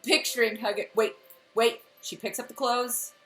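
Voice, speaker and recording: A woman co-hosting a casual recap chat, animated, often exclaiming and acting out scenes. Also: on the high side, normal speed, faint music behind. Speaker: podcast co-host.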